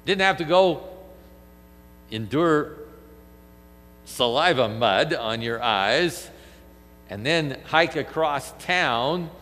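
A man preaching a sermon in a big church hall, his voice sitting a bit high and swinging widely as he throws rhetorical questions at the congregation. The sound carries a long hall reverb with a low mains hum underneath. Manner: animated, fires off rhetorical questions, acts out quoted speech.

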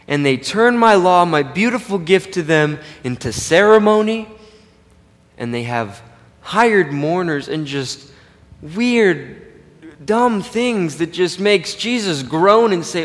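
A man's voice: very animated, unhurried. Preaching man in an echoing hall. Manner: swings from loud emphatic peaks to quiet low asides. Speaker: pastor. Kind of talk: sermon.

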